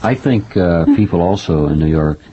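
A man hosting an interview, talking in a halting, chatty way with many pauses and fillers. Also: low-pitched, mellow, a little hiss or hum. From Oklahoma family roots. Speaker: interview host. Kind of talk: radio interview conversation. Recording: dull lo-fi audio.

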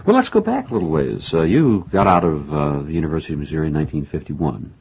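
A man's voice: very deep voice, big pitch swings, quick pace, a little hiss or hum. A male interviewer hosting a conversation, asking leading questions in a wry, joking way. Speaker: interviewer, radio host. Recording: dull lo-fi radio recording.

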